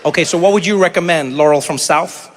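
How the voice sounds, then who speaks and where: A man's voice: on the high side, in a large hall, a little hiss or hum. A man doing playful, teasing crowd work as a stand-up comedian on a live stage. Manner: playful, teasing, quick asides.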